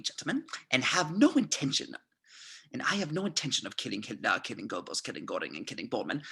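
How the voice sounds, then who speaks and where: Someone reading as a husky, scheming SS colonel. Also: mid-range voice, full character voice. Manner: theatrical, mock-polite, swings between hushed and loud. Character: cunning, smooth-talking male SS colonel. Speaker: script reader. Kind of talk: amateur script reading.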